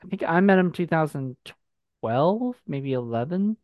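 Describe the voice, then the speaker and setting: A man's voice: fairly high pitch, lively intonation, moderate pace, no echo, narrow, tinny audio. A man in casual chat, telling rambling anecdotes full of fillers and restarts.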